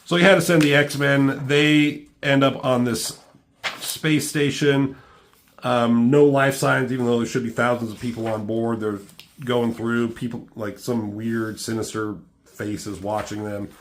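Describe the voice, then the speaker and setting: A man's voice: medium pitch, fairly even intonation, unhurried. Rambling man reviewing comics. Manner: rambling, swears freely, many ums.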